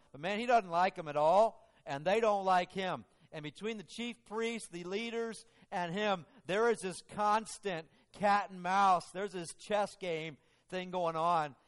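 A man preaching a sermon, telling the story in an animated way and acting out the quotes. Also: high-pitched, in a large hall. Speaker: pastor.

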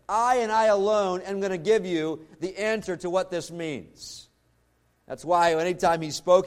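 A pastor preaching a sermon in an earnest way, slowing down and dropping low to stress his points. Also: darkish tone. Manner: earnest preaching, slows and drops low for emphasis.

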